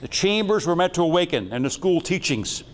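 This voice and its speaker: A man's voice: fairly high pitch, very animated, brisk, long reverb tail, slight background noise. A man giving a lecture with slides on metaphysics, talking in a rambling, jokey and irreverent way.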